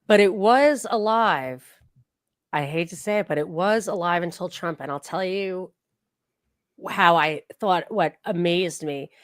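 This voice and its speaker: A middle-aged woman hosting a podcast, telling stories in an animated, casual way with lots of filler words. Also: lowish voice, unhurried, no room sound, clean studio sound. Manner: animated storytelling with many "like" fillers. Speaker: podcast host. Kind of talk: casual conversational interview.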